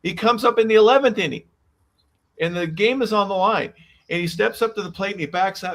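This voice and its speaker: A man's voice: high voice, a little fast, a bit bright. A man hosting a sports talk radio show, chatting eagerly and telling anecdotes in a casual way.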